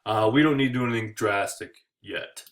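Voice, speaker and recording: A man voicing a cautious male statesman who placates in a hurried way. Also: on the low side, fairly bright tone. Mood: placating.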